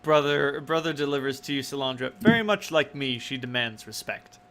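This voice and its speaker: Bright-voiced man running a tabletop game. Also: mid-range voice, fairly quick. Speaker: game master.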